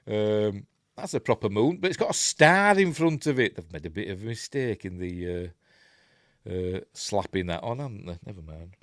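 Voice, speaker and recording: Middle-aged Yorkshire man, low-ish lively voice, dry close sound, chatty film-review host. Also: normal speed, dry recording. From Yorkshire, England. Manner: rambling, chuckling asides, many fillers. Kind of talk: casual film breakdown, chatting with live viewers.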